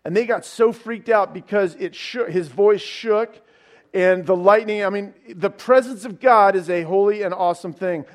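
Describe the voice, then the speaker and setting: High-voiced man preaching a sermon. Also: normal speed. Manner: storytelling preacher, casual asides and rhetorical questions. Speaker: pastor.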